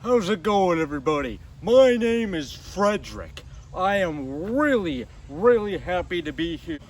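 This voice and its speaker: A man's voice: high voice, sing-song. A man doing a clueless bragging contestant. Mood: upbeat. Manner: boastful, slow rambling explanations. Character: dim-witted overconfident young male game show contestant. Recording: distant mic with background noise.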